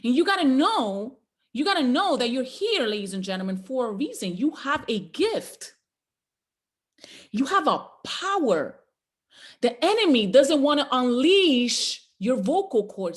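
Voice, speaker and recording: A woman's voice: high-pitched, sing-song, a little slow. A woman giving a motivational talk to a group call, preacher-like and exhorting, with repeated rallying lines. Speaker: motivational trainer.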